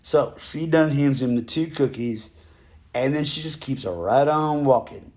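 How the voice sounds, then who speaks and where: A man's voice: medium pitch, measured pace, a little mellow. A man telling a fairy tale as a comic folksy story, rambling with digressions and joking asides.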